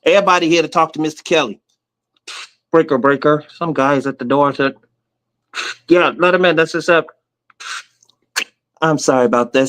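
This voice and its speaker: American guy as a podcast guest, tells stories in a lively casual way, slightly high voice. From United States. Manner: animated, acts out the people in his story. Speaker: guest, music executive. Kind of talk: casual storytelling.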